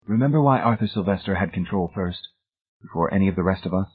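A prim and controlling spinster, voiced by a man in an audiobook reading, speaks with calm, chilly composure and quiet pride. The voice sits low and husky. It comes through a narrow, phone-like sound. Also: fast talker. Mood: quietly proud. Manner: calm, matter-of-fact, quietly proud. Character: prim cold middle-aged spinster woman, controlling.

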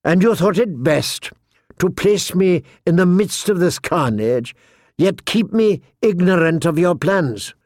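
A man's voice: sits high, expressive, a little slow, a little mellow, dry recording, clean studio sound, pitched above the performer's own voice. A man voicing a bitter, sarcastic dwarf lord in an audiobook reading, with biting retorts. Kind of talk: audiobook character voice.

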